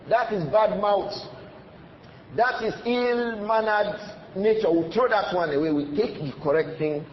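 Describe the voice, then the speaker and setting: A man giving a religious lecture, explaining a classical text in repetitive, emphatic English. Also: fairly high pitch. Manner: reads Arabic passages quickly, then explains them in repetitive, emphatic English. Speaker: Islamic teacher. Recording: roomy, slightly dull recording with faint noise.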